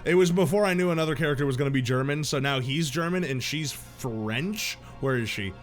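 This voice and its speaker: A man's voice: a little high, fairly quick, faint music behind. A man streaming a video game with rambling, self-deprecating, jokey commentary. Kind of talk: casual let's-play commentary.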